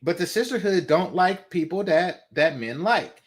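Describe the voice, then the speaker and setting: A man's voice: high voice, expressive, a little slow. A man from the San Francisco Bay Area hosting a reaction video, mocking and laughing at a clip and swearing often. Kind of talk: profane reaction commentary.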